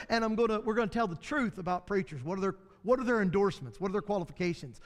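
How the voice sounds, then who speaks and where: A man with a high, expressive voice speaks fast while teaching a midweek Bible class in a church classroom, captured with long hall reverb. He teaches in a folksy, storytelling style laced with self-deprecating humor.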